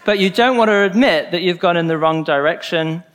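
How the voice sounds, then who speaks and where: A man preaching in a relaxed, conversational way, with a voice sitting a little high for a man. He is earnest and informal, often circling back on a phrase or tucking in a "you know" as he works through a point. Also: fairly quick. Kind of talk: conversational sermon.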